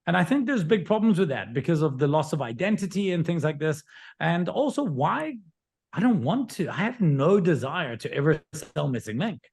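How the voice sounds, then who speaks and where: A man's voice: a little high, big pitch swings, moderate pace, vocal fry, a little mellow. A man talking through his views in a casual podcast discussion, musing and correcting himself as he goes. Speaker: regular guest.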